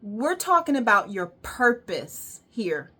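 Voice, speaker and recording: Woman coach talking straight to camera, punchy and repetitive, swears casually, bright tone. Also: fairly high pitch, sing-song, slow pace, breathy edge. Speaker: wellness coach. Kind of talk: motivational monologue.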